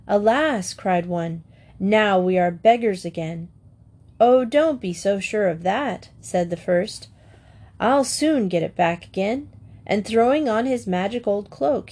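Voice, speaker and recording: A woman narrating a fairy tale in a calm, measured, expressive storybook reading. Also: medium pitch.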